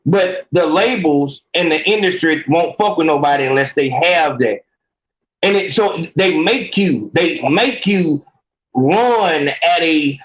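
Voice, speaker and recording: A man hosts a call-in podcast with a high voice, cursing freely and repeating himself as he talks. The room sounds echoey, and the recording is dull and muffled. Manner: animated, profane, repeats and restarts often. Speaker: podcast host taking calls. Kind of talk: casual call-in advice talk.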